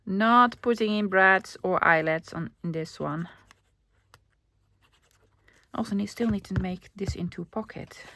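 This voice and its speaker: A woman's voice: medium pitch, a little slow, long pauses. Chatty Dutch woman narrating crafts. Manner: chatty, self-narrating, often drops to a soft whisper. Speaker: crafting channel host. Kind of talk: casual crafting commentary.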